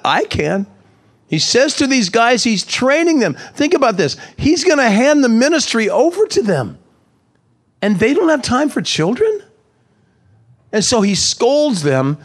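A man preaching a conversational sermon at a church service. His voice sits a touch high for a man, and he keeps turning to the congregation with questions as he explains the text. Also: big pitch swings, normal speed. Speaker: pastor.

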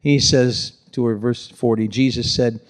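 A middle-aged male pastor preaching in an easygoing, conversational way. He has a plain, mid-pitched voice and mixes in light humor. He sounds like he is talking with his congregation. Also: steady tone, unhurried. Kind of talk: sermon.

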